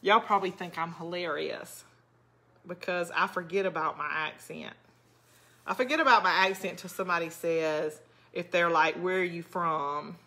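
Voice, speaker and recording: A woman's voice: lowish voice, moderate pace, pushed and bright. A middle-aged woman with a South Georgia accent, chatting casually with viewers while she crafts and answers their comments. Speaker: craft channel host. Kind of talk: casual live craft chat.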